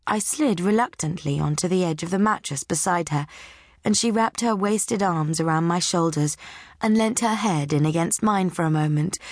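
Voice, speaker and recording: A woman reading a novel aloud in the first person, with wry, measured storytelling. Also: fairly low pitch, dry recording, studio quality. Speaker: audiobook narrator.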